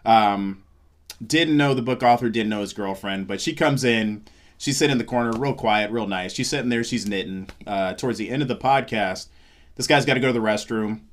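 A man's voice: on the low side, a little fast. A man who is a comedian, telling a story in casual chat and acting out the lines of the people in it. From Seattle, USA. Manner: animated, acts out quoted lines.

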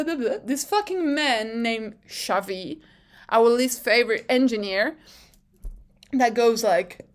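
A young woman from France with a French accent, chatting casually and giggling as she recaps a race weekend, swearing freely and using lots of fillers. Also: a little high. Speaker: vlog host.

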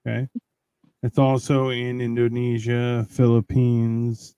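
A man's voice: medium pitch, slow pace, clean tone, dry recording. A podcast host, a man, chatting casually and acting out quoted exchanges, swearing freely. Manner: animated storyteller, acts out quotes, swears freely.

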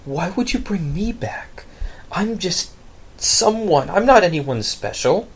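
Story sermon: man putting on a dazed young man, questions half-whispered, husky. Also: high voice, very animated, unhurried, voice pushed up, exaggerated voice. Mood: bewildered. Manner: confused, questioning, sometimes whispered. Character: bewildered young man back from the dead.

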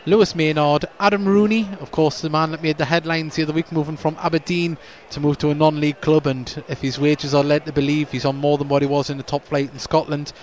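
A man talks through the teams before kick-off, in a slightly raised pitch. His delivery is chatty and unpolished, and he stumbles over names. Faint background noise sits under his voice from a stadium stand. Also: level tone, quick pace, few pauses, a little mellow. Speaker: club podcast host and match commentator. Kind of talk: pre-match radio-style commentary.

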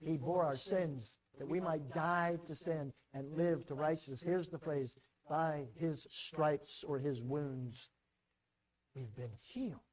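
A middle-aged American man, a pastor preaching a sermon, who repeats words and swings between loud and quiet for emphasis. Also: on the high side, fairly even intonation, takes it slowly.

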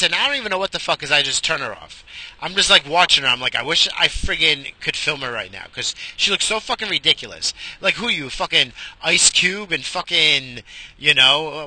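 A man's voice: mid-range voice, sharp tone, dry recording. A man podcasting from his car, telling a rambling, profane story in a casual, exasperated rant. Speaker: podcast host. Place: in a car while driving.

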